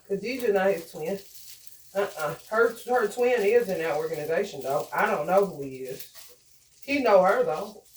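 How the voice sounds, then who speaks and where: A vlogger talking in a loose, profane monologue, laughing often and calling listeners honey and baby. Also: mid-range voice. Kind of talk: casual monologue.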